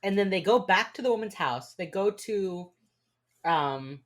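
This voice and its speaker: A woman's voice: mid-range voice, animated, unhurried. A woman co-hosting a podcast, recapping a TV episode in casual chat with wry, dry asides. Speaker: podcast co-host.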